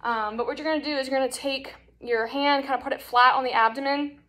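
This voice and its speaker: A woman's voice: sits high, steady tone, quick pace, a bit bright. A young woman teaching a hands-on nursing assessment, explaining in a casual way with many fillers. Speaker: nursing instructor. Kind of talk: demonstration lesson.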